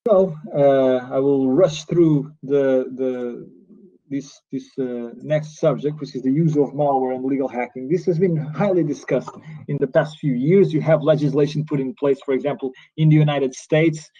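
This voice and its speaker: A man's voice: mid-range voice, normal speed, mellow. A man from Portugal with a Portuguese accent, giving an earnest, explanatory conference lecture as a lecturer. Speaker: lecturer on cybercrime law. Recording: dull lo-fi recording.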